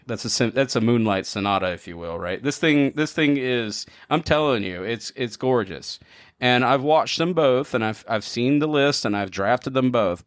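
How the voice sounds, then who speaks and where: A man's voice: mid-range voice, no room sound, clean studio sound. A man hosting a podcast, chatting casually in a playful, joking way. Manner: playful, jokey, animated. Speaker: podcast host. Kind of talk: casual chat.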